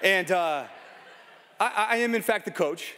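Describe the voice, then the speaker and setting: A man in his thirties delivers a sermon in a relaxed, storytelling way, often poking fun at himself. His voice sits a little higher than most men's. The sound carries the long echo of a large church sanctuary. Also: measured pace, slight background noise. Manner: conversational storytelling with self-deprecating humor. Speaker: pastor. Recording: long reverb of a large hall.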